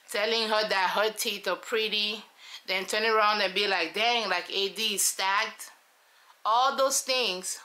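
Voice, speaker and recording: Bright-voiced woman reviewing a show. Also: mid-range voice. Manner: animated, sassy, talks straight to viewers. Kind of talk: casual reality-show commentary.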